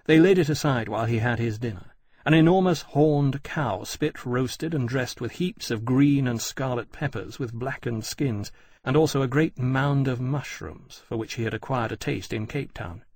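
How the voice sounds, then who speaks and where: A man reading a novel aloud in even, measured scripted narration. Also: medium pitch, no echo. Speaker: audiobook narrator.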